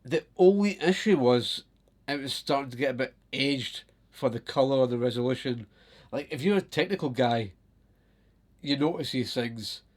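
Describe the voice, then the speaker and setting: A man from Scotland with a Scottish accent, telling stories casually to his viewers, animated, laughing often and swearing freely. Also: mid-range voice, normal speed. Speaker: vlogger. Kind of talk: casual storytelling to camera.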